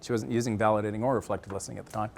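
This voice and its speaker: A male counselor giving a live marriage seminar, talking in an animated, conversational way and often acting out what people say. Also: on the low side, very fast, vocal fry, a little hiss or hum. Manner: animated, conversational, playfully acts out quotes.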